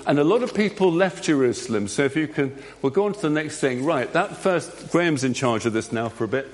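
A man's voice: on the high side, animated, brisk, slight background noise. A man leading an all-age church talk, acting out a Bible story with volunteers in a jokey, directing manner. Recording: long hall reverb.

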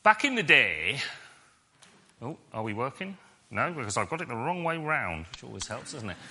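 Guy preaching, really bright voice, jokey stories about himself. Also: medium pitch, sing-song, moderate pace, breathy edge. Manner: humorous, self-deprecating anecdotes. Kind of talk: sermon storytelling.

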